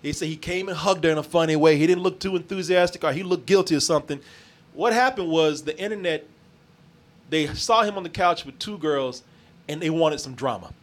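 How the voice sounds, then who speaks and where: A man's voice: fairly high pitch, a little fast. A man hosting a casual podcast chat, a loose, profane storyteller who laughs often. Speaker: podcast host.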